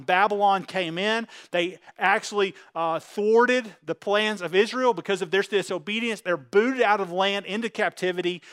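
Man, pastor, sermon, high voice, fervent, dry close recording. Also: a bit bright, clear, resonant tone, no echo. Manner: fervent, paraphrases scripture in plain talk.

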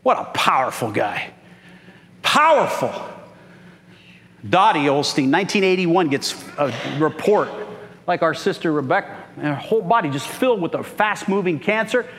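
High-voiced preaching man, hall reverb. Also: lively intonation, brisk, a bit bright, a little hiss or hum. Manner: call-and-response preaching, frequent "Amen?". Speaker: pastor. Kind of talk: sermon. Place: church sanctuary.

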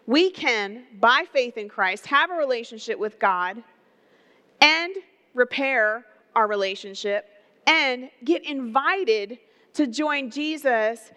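A woman pastor delivers her sermon in an earnest, conversational manner. Her voice sits slightly high, and she draws listeners in with personal stories and rhetorical questions. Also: a bit bright.

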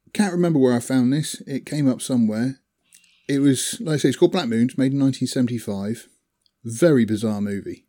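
A man's voice: medium pitch, expressive, normal speed, mellow. A man chatting casually about films he has watched, rambling with fillers and small laughs. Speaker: film reviewer. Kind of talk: casual film chat.

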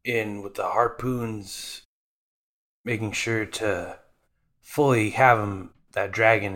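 A man's voice: lowish voice, a bit bright. A man hosting a podcast, casually recapping anime episodes with irreverent, profane asides. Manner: irreverent, swears freely, mock voices for characters.

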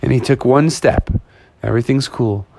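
A man telling a playful children's story with animated, lively narration. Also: mid-range voice, normal speed, gravelly, background noise.

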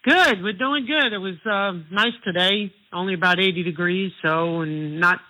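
A woman's voice: medium pitch, moderate pace, bright, forceful tone, rough recording. A woman from New York with a New York accent, calling in to a talk radio show and chatting in a friendly, easy way. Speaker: caller. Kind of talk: phone-in chat.

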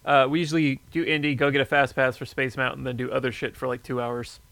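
A man chatting casually, telling a story with lively energy and plenty of swearing. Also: mid-range voice, quick pace, vocal fry, dry recording. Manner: animated storyteller, swears freely. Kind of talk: casual chat.

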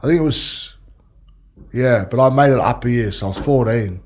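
A man's voice: medium pitch, normal speed. A man with an Australian accent, a former rugby league player, telling rambling stories and swearing freely in casual chat.

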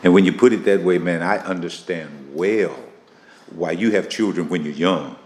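A man hosting a casual faith-based interview, animated and teasing, laughing often. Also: deep voice, normal speed. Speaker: interview host. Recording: echoey room with faint noise.

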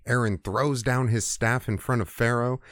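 A man's voice: mid-range voice, steady tone, moderate pace, a bit bright, dry recording. A male podcast host retelling a story in a casual, profane, comedic way, with hesitant fillers.

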